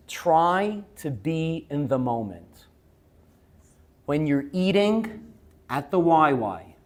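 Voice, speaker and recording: A male teacher lecturing students. He tells lively stories, laughs as he goes and keeps checking in with "yes?". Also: on the high side. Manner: laughs while telling stories.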